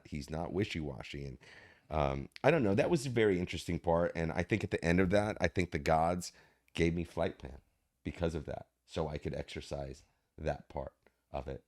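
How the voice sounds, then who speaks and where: A man's voice: deep voice, lively intonation, a little fast, a little mellow. A man guest on a podcast, talking reflectively and acting out the people in his stories. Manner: reflective storyteller who acts out quoted voices. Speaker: actor guest. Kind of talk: podcast conversation.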